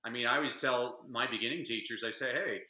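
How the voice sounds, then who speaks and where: A man speaking as a guest in a casual interview, an energetic, joking storyteller. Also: medium pitch, fast talker, reverberant, low-quality recording. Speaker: guest, reading advocate.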